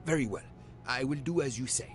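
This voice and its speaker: A man's voice: medium pitch, fairly quick, soft background music, close to an everyday voice. A man voicing a fretful railway director. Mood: worried. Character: anxious male railway director. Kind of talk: video game voice acting.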